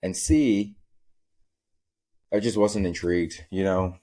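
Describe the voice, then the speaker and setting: Young man ranting on a podcast, low voice. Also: slow pace, warm tone. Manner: profane, rambling, storytelling. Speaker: podcast host. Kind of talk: casual solo podcast rant.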